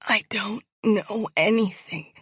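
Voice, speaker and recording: A woman narrator voicing a terrified, parched young woman held captive, pleading in a raspy, trembling voice. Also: medium pitch, very slow, dry recording, studio quality, full character voice. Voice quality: raspy, cracked voice.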